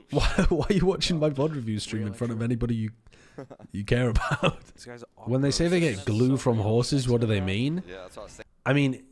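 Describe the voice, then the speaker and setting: A man in his thirties, a streamer riffing through deadpan, rambling tangents while reading chat. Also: mid-range voice. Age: 30s.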